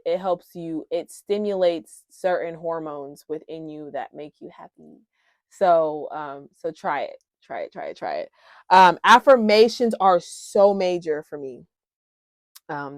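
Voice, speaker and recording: A woman in her thirties talking casually and warmly to viewers about coping skills, with frequent "um"s, calling them "y'all". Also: sits low, no room sound, studio quality. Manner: frequent "um", addresses viewers as "y'all", laughs at herself. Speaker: wellness vlogger sharing coping skills. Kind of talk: casual heartfelt talk to viewers.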